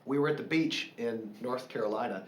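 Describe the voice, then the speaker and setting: A man telling a family story in a casual chat, thoughtful and halting, with many pauses and fillers. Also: mid-range voice. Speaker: co-host sharing family stories. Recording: echoey room with faint hiss.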